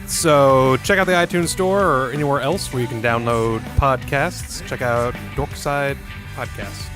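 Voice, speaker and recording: Male co-host, fast playful promo read, casual swearing, clear music bed. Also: mid-range voice. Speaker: podcast co-host. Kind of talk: comedic promo banter.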